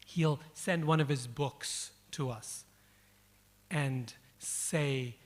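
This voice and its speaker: A man delivers a devotional lecture in a storytelling way, repeating words for emphasis. His voice sits at an ordinary middle pitch. A long reverb from the hall trails behind him. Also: drawn-out words. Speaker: speaker. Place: event hall.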